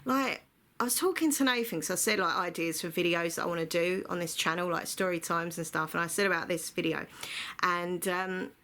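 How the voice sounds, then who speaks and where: A woman's voice: fairly low pitch, fairly quick, a bit bright. A woman telling a rambling, chatty storytime to her vlog audience, full of filler words. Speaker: vlogger. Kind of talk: casual storytime monologue.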